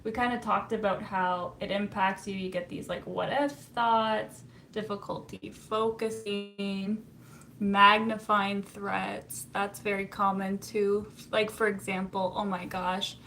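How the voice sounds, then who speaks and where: Brief: young woman therapist hosting a live stream, unhurried, a little gravelly, light hiss behind. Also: mid-range voice, flat delivery, bright, forceful tone. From Canada. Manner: chatty, laughs often, reads viewer comments aloud. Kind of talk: casual live-stream chat.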